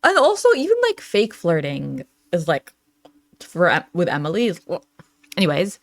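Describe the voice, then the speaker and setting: A woman's voice: lowish voice, wildly swooping pitch, moderate pace, no echo, clean studio sound. A young adult woman hosting a reaction channel, talking casually with lots of fillers and frequent laughs as she reads out chat messages.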